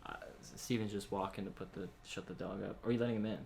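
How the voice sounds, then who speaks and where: A man's voice: on the low side, steady tone, quick pace, creaky, a little mellow, slight background noise. A young man hosting a casual podcast at home, telling a story in a rambling way with lots of fillers. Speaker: podcast host. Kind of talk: casual chat. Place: home with dogs. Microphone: podcast mic with headphones.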